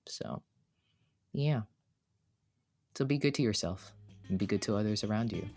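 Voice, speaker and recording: Earnest low-voiced podcast man. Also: moderate pace, darkish tone, soft background music. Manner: earnest and heartfelt, speaks in bursts with restarts. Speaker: podcast co-host. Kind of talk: casual reflective podcast talk.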